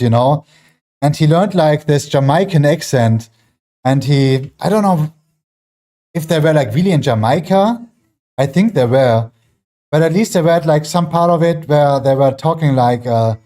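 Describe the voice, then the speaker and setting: A man with a German accent talks loosely to his viewers while he trains in his home gym. He rambles and fills gaps with filler words. His voice sits a little high, with a mellow, warm tone. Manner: rambling, many fillers, chatting with viewers between sets. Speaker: fitness livestreamer. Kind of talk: casual chat while working out.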